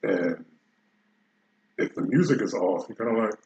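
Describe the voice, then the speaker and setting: A man's voice: on the low side, lively intonation, moderate pace, creaky, darkish tone, highs cut off. A man co-hosting a casual movie review chat, rambling and restarting his sentences. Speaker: podcast co-host.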